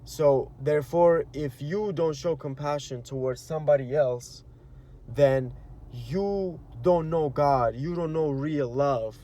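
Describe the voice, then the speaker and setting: Slow and mellow, his voice sitting on the high side, a man rambles earnestly through a spiritual monologue for his vlog. Slang, frequent "like" and "you know," and acted-out inner voices fill his speech.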